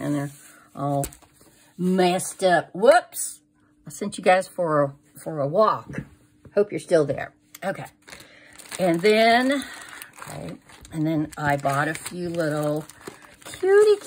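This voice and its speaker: A middle-aged woman with a deep, husky voice shows off a crafting haul in a casual vlog. She gushes over each item and keeps trailing off into fillers.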